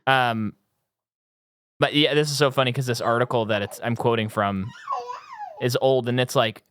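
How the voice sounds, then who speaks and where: A man's voice: mid-range voice, steady tone, moderate pace, a bit bright. A man co-hosting a podcast in casual movie chat, rambling with many ums and easy laughs. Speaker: podcast co-host.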